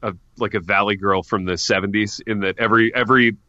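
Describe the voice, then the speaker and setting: Joking podcast guy, kinda low voice, sharp edge, dull dry lo-fi sound. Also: fairly even intonation, quick pace, no echo. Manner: joking, calls co-hosts "baby". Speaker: podcast co-host. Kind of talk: casual comedic banter.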